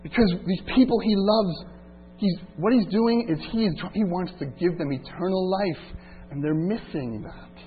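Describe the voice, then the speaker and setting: A man preaching a sermon as pastor, swinging between loud emphatic passages and quiet reflective asides. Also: sits high, normal speed. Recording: tinny phone-like line with faint hum.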